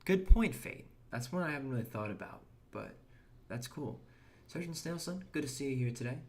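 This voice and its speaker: A man's voice: mid-range voice, expressive, normal speed. A young man chatting casually while streaming a game, reading and answering chat and often restarting his words. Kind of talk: casual gameplay commentary.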